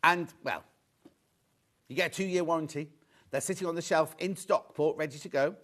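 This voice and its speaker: A man hosts a live sewing shop broadcast in a bright, chatty sales patter. His voice sits a little high for a man, and he talks casually, mixing deals with friendly asides to viewers. He comes across as a middle-aged Englishman at ease on camera. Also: normal speed. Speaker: shopping show host.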